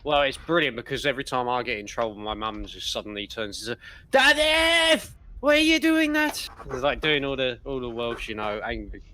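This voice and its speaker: A man playing in a tabletop game, chatting playfully with quick asides over a video call. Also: mid-range voice, bright, forceful tone, slight background noise. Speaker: player. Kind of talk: casual chat before a tabletop game.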